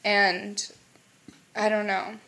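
A woman co-hosting a podcast in casual chat, giggly and animated as she tells stories. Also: mid-range voice, very slow. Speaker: podcast co-host.

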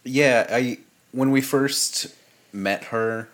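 A man's voice: medium pitch, drawn-out words, a bit bright. A man co-hosting a podcast in casual chat, making dry, wry remarks. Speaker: podcast co-host.

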